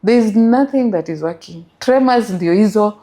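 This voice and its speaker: A woman's voice: medium pitch, lively intonation, moderate pace, mellow. A middle-aged woman with a Kenyan accent, telling her story as an interview guest and mixing English with Swahili.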